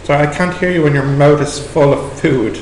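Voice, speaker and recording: Irish male tutor, high voice, echoey classroom. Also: fairly quick. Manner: questioning, prompting students step by step. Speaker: maths tutor. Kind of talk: working through exam questions with students. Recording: echoey room recording with background noise.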